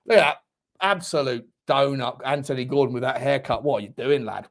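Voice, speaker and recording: A young man hosting a live football watchalong, calling the match play by play for his viewers and shouting and swearing when the action heats up. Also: medium pitch, a little fast, creaky. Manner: excitable, shouts at big moments, swears; talks to viewers directly. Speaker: fan channel host.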